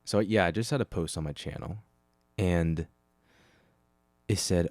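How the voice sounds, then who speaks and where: A man's voice: sits low, measured pace, long pauses, darkish tone, dry recording. A man hosting a casual solo podcast, rambling and correcting himself as he goes, speaking into a desk microphone. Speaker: podcast host.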